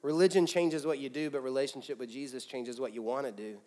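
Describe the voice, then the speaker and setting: A man preaching a sermon as pastor, swinging from loud, pressing emphasis down to quiet, soft lines. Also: mid-range voice, steady tone, fast. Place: church auditorium with a congregation.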